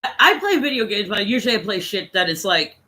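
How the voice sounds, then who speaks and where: A woman in her forties chatting casually on a stream, telling profane, animated stories and acting out the people she quotes. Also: mid-range voice, brisk, poor audio. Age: 40s. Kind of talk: casual storytelling chat.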